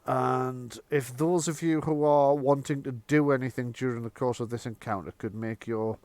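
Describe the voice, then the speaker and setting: A man's voice: mid-range voice, fairly even intonation, moderate pace, a little mellow, no echo. A man running a tabletop game as game master, laid-back and swearing freely.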